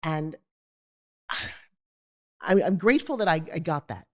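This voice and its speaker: Animated middle-aged woman telling her story. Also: low-pitched, unhurried. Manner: animated, acts out quoted voices. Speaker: guest. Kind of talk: candid storytelling interview.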